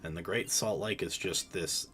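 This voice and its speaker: A man's voice: low voice, moderate pace, sharp tone. A tired man chatting casually while streaming a fishing game, rambling and breaking off mid-sentence. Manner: rambling, self-interrupting, chatty. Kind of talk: casual gaming stream chat.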